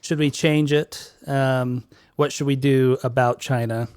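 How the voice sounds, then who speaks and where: A young man leads a casual podcast conversation, rambling easily and leaning on "like" and "um". His voice is smooth and clear. The sound is close and dry. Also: medium pitch, steady tone, a little slow, darkish tone, no room sound. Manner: easygoing, heavy use of "like" and "um". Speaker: podcast host.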